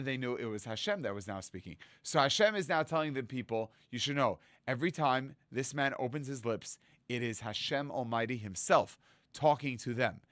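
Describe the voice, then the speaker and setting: A rabbi delivers a sermon in an animated storytelling way, acting out the voices of the people he quotes. He is a man with a mid-range voice. The sound is dry and close. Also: medium pitch, dry recording. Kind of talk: Torah sermon.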